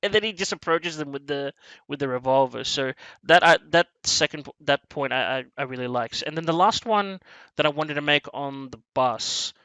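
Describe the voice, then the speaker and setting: A man with a bright, fairly high voice talks through a film in a loose, rambling way, stumbling over restarts and breaking into quoted lines. The sound is dry and close, with no room around it. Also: a little fast, no echo, poor audio. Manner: rambling, animated, many restarts and acted-out quotes. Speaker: movie review podcast host. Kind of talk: casual film discussion.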